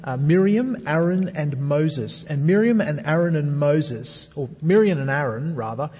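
Slightly high and darkish with a breathy edge, a man's voice preaches an earnest sermon, addressing the congregation with rhetorical questions. The sound is dull and wrapped in long hall reverb.

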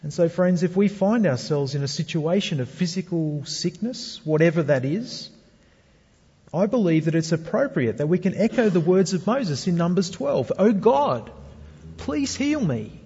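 A man's voice: fairly high pitch, expressive, normal speed, mellow, husky. A male pastor preaching a sermon, earnest and speaking to the congregation with rhetorical questions. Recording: dull sound with long hall reverb.

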